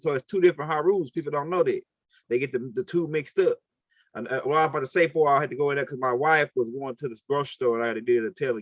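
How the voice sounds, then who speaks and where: A man's voice: mid-range voice, a bit bright, dry recording. A man from New Orleans with a New Orleans accent, hosting a call-in talk and lecturing casually, rambling and often asking "right?". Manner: rambling, repetitive, with frequent "right?".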